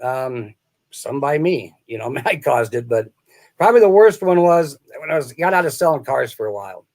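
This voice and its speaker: Male interview guest, rambling storyteller, laughs often, mid pitch. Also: big pitch swings, normal speed, darkish tone. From small-town American Midwest. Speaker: guest, sales author. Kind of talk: casual interview chat.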